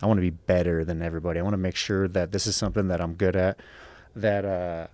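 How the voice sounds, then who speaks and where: A man's voice: low-pitched, flat delivery, quick pace, darkish tone, no echo. A man in his thirties, an MMA fighter on a podcast, telling a story casually with lots of swearing and acted-out quotes.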